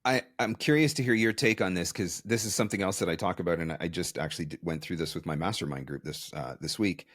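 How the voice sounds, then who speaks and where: Man, interview host, low voice, dry close sound, candid and self-deprecating. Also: fast, hardly any pauses, a bit bright, no echo. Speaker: podcast host. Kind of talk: conversational interview.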